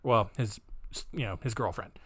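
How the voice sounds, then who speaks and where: A man's voice: lowish voice, normal speed, fairly bright tone, slightly rough, no echo, studio quality. A man hosting a podcast, telling a true-crime story casually with wry, incredulous asides and plenty of "um" and "all right?". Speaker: podcast host.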